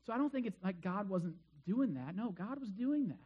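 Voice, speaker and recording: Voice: mid-range voice, expressive, moderate pace, breathy edge, dull audio. A preacher giving a sermon in a casual, conversational way, firing rhetorical questions at the listeners and dropping playful jokes along the way.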